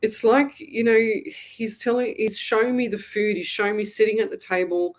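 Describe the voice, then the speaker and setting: An Australian woman hosting a live psychic reading, speaking in a sympathetic, halting way and repeating herself often. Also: medium pitch. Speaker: psychic medium host.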